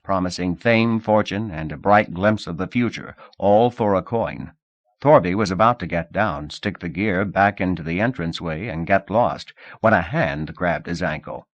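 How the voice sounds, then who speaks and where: A man narrating an audiobook with a steady, measured reading. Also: deep voice, no room sound, highs cut off. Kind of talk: scripted narration.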